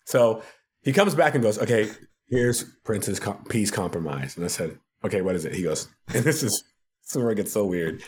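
His voice is fairly low with a darkish tone. As a guest on a podcast, this TV producer acts out quoted voices and laughs often while telling an animated story.

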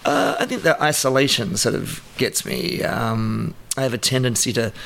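A man's voice: medium pitch, lively intonation, normal speed, vocal fry, a bit bright. An Australian man in his fifties, a guest chatting casually in an interview, rambling with many fillers and acted asides. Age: 50s. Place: New York.

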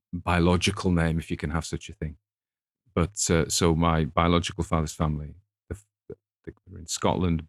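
Deep-voiced middle-aged man, rambling chat. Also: dry recording, studio quality. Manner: discursive, anecdotal, chuckling asides. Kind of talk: casual rambling book chat.

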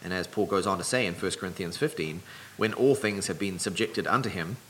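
A man preaching a sermon in a measured, earnest teaching tone. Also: low voice, a little hiss or hum.

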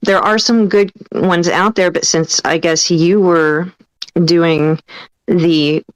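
A woman's voice: on the low side, steady tone, slow pace, no echo, rough recording. A woman co-hosting a casual talk show, hesitant and often searching for words. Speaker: podcast co-host. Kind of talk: casual radio show chat.

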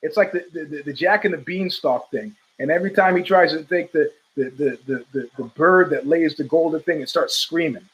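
Animated high-pitched male podcast host. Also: normal speed, few pauses, low-quality recording. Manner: animated storytelling with voiced quotes and laughs. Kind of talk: rambling casual monologue.

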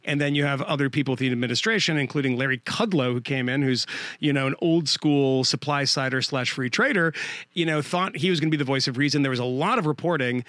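A man's voice: mid-range voice, quick pace, fairly bright tone, dry recording. A man co-hosting a podcast, talking politics in an emphatic, sardonic way. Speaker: podcast co-host. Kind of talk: casual political chat.

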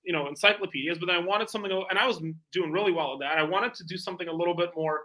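A middle-aged man, a guest in an interview, telling animated stories about his sales career and acting out phone calls. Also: sits high, rapid-fire, low-quality recording. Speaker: guest, bespoke tailor and founder. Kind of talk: casual interview storytelling.

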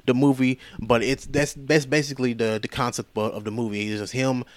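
A man's voice: medium pitch, brisk, no room sound. A man hosting a podcast, retelling a movie in a casual, profane, rambling way. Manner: profane, rambling, animated retelling with quoted voices. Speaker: podcast host.

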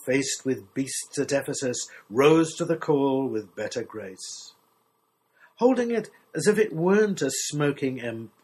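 A man reading a literary short story aloud in a measured, expressive storytelling manner. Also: mid-range voice, husky, low-quality recording. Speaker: story reader.

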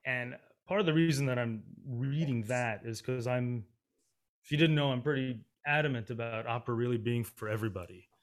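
A man, an opera singer and music writer, talking candidly as an interview guest, animated and quick to laugh. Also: mid-range voice. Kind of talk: casual interview conversation.

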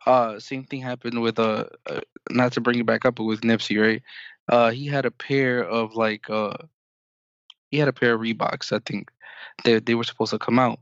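A man's voice: medium pitch, little pitch movement, moderate pace, fairly bright tone, no room sound, lo-fi sound. A man co-hosting a casual podcast, talking in a rambling, hesitant way with lots of fillers. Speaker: podcast co-host. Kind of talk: casual chat.

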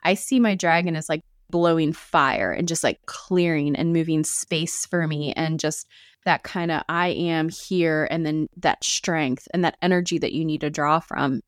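A woman guest on a podcast, chatting casually in a relaxed, loose way with casual swearing. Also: sits low, moderate pace, dry recording, studio quality.

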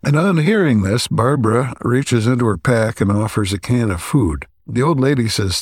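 A man co-hosting a podcast, recapping a story's plot in a relaxed, halting way with frequent pauses. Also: mid-range voice, breathy edge, no room sound, clean studio sound. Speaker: podcast co-host.

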